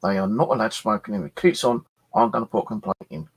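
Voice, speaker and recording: A middle-aged man hosting his channel, telling an animated story from his flat with some swearing and acted-out exchanges. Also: lowish voice, very fast, vocal fry, husky. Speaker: channel host. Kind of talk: casual storytelling chat.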